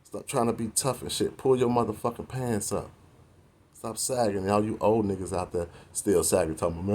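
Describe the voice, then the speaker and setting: A man's voice: fairly low pitch, expressive, a little fast, gravelly, darkish tone. A man in his forties delivering a preachy, confrontational rant to the camera, full of slang and cursing. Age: 40s. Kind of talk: profane street-talk rant to the camera.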